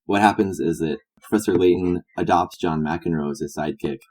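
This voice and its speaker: A man co-hosting a comedy podcast, rambling through a silly improvised pitch. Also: a little fast, a little mellow. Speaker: podcast co-host. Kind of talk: casual comedic chat.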